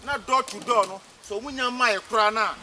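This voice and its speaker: Fast, high-voiced Ghanaian man pleading. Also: background noise. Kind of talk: rallying speech.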